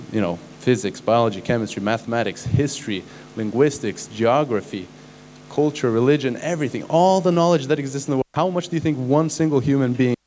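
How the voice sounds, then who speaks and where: A man's voice: mid-range voice, a little mellow, slight background noise. A man, a doctor, giving a lecture to a live audience in a conversational way, often tossing questions and "right?" at listeners. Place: conference hall stage.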